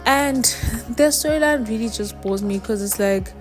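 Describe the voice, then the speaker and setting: A young woman, recapping and reviewing a TV series in an animated, chatty way. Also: a little high, normal speed, faint music behind. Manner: animated, paraphrases characters in quotes.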